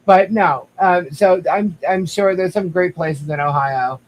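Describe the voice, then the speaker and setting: A man's voice: high-pitched, measured pace, slight background noise, poor audio. A man speaking as a guest on a livestream, rambling with frequent restarts and addressing the viewers directly. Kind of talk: casual livestream chat.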